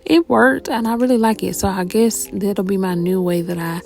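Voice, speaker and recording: A woman's voice: medium pitch, steady tone, normal speed, creaky, darkish tone, faint music behind. A young woman talking viewers through a hair tutorial in a casual, chatty way, out of breath and tired. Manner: chatty, addresses viewers as y'all.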